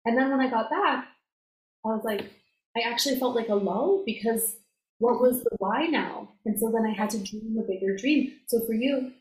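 A woman success coach talking in a casual, animated way, full of fillers and acted-out quotes. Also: a little high, moderate pace. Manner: animated, filler-heavy, acts out quoted voices. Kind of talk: casual conversational interview. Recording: roomy echo, faint noise.

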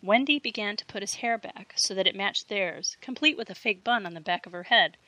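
A woman reading a fiction audiobook with steady storytelling narration. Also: medium pitch, fairly quick, no echo, rough recording.

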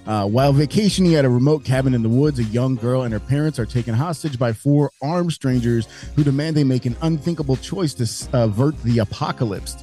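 A man with an average-pitched voice chats easily on a podcast and jokes along. Light music runs faintly behind him. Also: brisk, few pauses, mellow. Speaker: podcast co-host. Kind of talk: casual chat, reading a movie summary.

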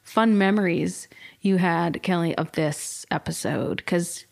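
Woman podcast co-host, casual rambling chat, slightly low pitch. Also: slow pace, gravelly.

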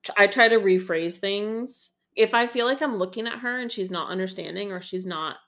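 A woman's voice: mid-range voice, moderate pace, a bit bright. A woman co-hosting a podcast in casual chat, reflective, offering parenting advice with occasional casual swearing. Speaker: podcast co-host.

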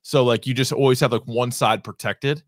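A podcast co-host rambles through entertainment news in casual chat, swearing now and then. His mid-range voice is steady and moderately paced, recorded dry with clean studio sound.

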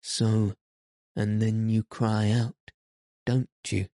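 A man reading the lines of a calm, kindly doctor who speaks gently and reassuringly. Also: lowish voice, very slow, no room sound, clean studio sound. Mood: gentle.

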